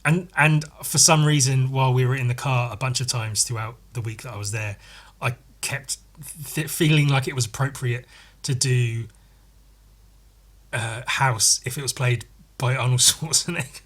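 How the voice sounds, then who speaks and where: A man's voice: mid-range voice, steady tone, normal speed, a bit bright. A man hosting a solo comedy podcast, rambling and meandering, often stumbling and repeating words as he goes. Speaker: podcast host.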